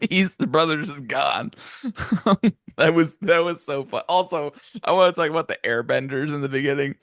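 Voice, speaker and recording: A man's voice: on the high side, expressive, normal speed, a bit bright, no room sound, clean studio sound. A man co-hosting a casual podcast, laughing often, swearing freely and retelling scenes animatedly. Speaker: podcast co-host. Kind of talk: casual chat.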